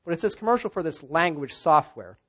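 A middle-aged man preaching a sermon as pastor, in a relaxed conversational way with frequent "uh" fillers and small restarts. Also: on the high side, brisk, breathy edge.

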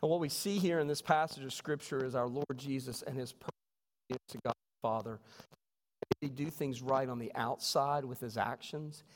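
A man, a pastor, preaching a sermon with animated storytelling. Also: mid-range voice, a little fast. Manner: animated storytelling, voices quoted people. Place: church sanctuary. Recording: long reverb of a church hall.

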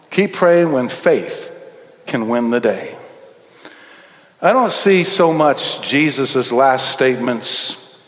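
Pastor preaching in a reverberant hall. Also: male voice, medium pitch. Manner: storytelling, swings between quick asides and slow emphatic phrases. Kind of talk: sermon. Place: church sanctuary.

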